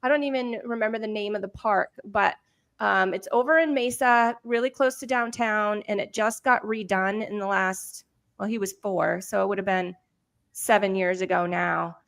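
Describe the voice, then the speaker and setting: A woman in her thirties co-hosting a casual talk show, telling stories in a chatty, animated way. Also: mid-range voice, moderate pace, vocal fry. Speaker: podcast co-host. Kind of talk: casual chat.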